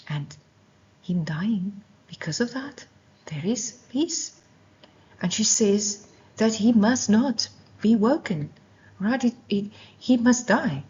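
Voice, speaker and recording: A woman teaching a devotional Bible lesson, slow and intense, often dropping into a whisper. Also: medium pitch. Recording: lo-fi dull recording.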